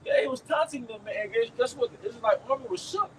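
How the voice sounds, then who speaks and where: A man preaching to a camp outdoors in loud, emphatic street slang. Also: very high voice, lively intonation, fast. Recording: distant mic, traffic noise outdoors.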